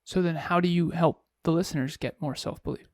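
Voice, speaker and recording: A man's voice: a little high, fairly even intonation, fairly quick, darkish tone, dry recording, studio quality. A man co-hosting a podcast in casual chat, probing with pointed follow-up questions. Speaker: podcast co-host. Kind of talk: casual chat, interviewing co-host.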